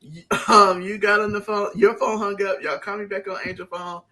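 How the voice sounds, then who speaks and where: A woman's voice: medium pitch, steady tone, a little fast, bright, forceful tone. A woman co-hosting a podcast, chatting casually with friends and telling a rambling story through frequent laughs. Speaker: podcast co-host. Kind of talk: casual chat among friends.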